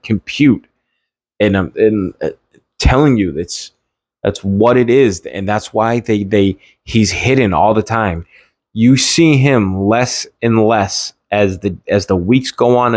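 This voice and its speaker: A man delivering a casual, heated political rant, halting and restarting, with frequent swearing. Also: lowish voice, no echo, clean studio sound. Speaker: political commentator. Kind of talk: casual ranting monologue.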